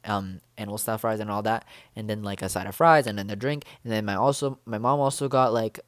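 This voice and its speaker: A young man chatting in a bubbly, rambling way for his vlog, full of fillers and excited exclamations. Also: lowish voice, fast, dry recording, clean studio sound. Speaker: vlogger.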